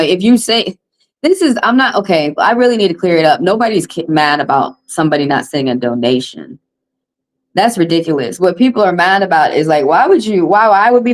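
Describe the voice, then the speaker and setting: Brief: Southern US woman, low-pitched, blunt and heated livestream host, phone mic. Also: rough recording. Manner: blunt, heated, repeats points. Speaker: tarot reader hosting a livestream. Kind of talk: livestream venting to viewers.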